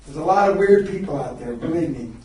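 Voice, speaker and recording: A man's voice: on the high side, expressive, fast, darkish tone. An older man giving a seminar, telling rambling stories in a blunt, profane way. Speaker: seminar speaker and mentor. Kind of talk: seminar lecture. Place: seminar room. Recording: echoey room from far off.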